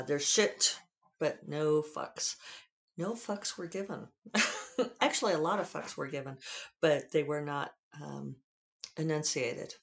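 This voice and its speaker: A frank podcast host talking casually with a Western US drawl. The voice sits at a middle pitch and wanders from point to point, dropping profanity without hesitation. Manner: candid, digressive, freely profane.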